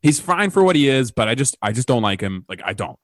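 A man's voice: medium pitch, very animated, quick pace, no echo. A young man with an ordinary mid-range voice rants in casual chat. He sounds exasperated and swears freely. The recording is dry and close-miked.

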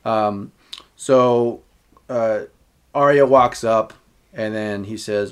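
A man casually recapping a TV episode, talking in a halting way with many pauses and restarts. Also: on the low side, fairly even intonation, clear, resonant tone. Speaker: podcast host recapping a TV episode.

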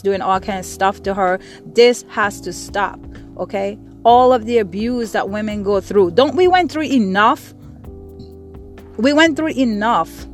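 A middle-aged woman from the Caribbean hosting a show and delivering an angry, profane monologue that pounds her points through repetition. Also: medium pitch. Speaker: podcast host. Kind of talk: impassioned monologue.

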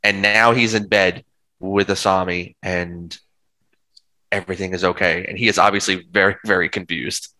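A man's voice: deep voice, steady tone, normal speed, bright, forceful tone, low-quality recording. A man co-hosting a podcast, retelling film scenes in casual chat, rambling with lots of "like". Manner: rambling, full of "like" and restarts. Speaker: podcast co-host.

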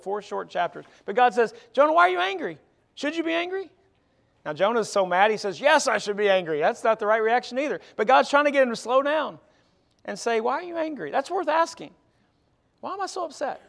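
High, gravelly male preacher. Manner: conversational, repeats words when restarting. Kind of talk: sermon. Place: church sanctuary.

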